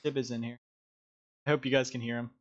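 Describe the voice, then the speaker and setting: A man's voice: medium pitch, level tone, fast talker, highs cut off. Giggly man hosting a live stream. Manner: laughs often, rambling. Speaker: stream host. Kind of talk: casual live-stream chat. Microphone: headset.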